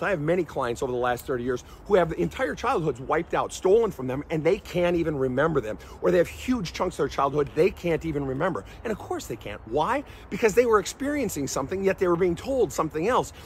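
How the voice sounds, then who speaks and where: Middle-aged guy therapist, kinda high voice, punchy and blunt, lots of rhetorical questions. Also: a little hiss or hum. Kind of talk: direct-to-camera commentary.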